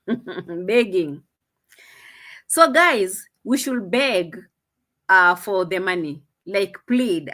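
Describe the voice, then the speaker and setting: A woman with a Swahili accent and a lowish, fairly bright voice comments casually on a video she's reacting to. She's chatty and teasing, repeats her phrases, and laughs often.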